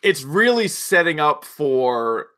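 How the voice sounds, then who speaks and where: A man co-hosting a casual chat recapping a TV episode, animated and jumping between points. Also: on the high side. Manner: animated, jumps between points, quotes scenes in quick asides. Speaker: podcast co-host.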